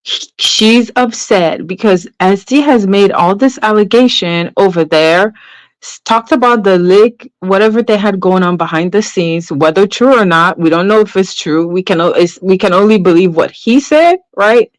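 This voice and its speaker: A woman's voice: medium pitch, moderate pace, dry recording. Chatty woman hosting a gossip livestream. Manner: chatty, tags lines with "right?" and "okay?"; greets chat viewers mid-story. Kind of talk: casual livestream commentary.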